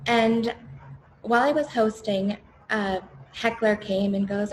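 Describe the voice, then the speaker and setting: A woman on a panel telling a personal story, animated in her delivery. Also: a little high, unhurried. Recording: echoey room with faint noise.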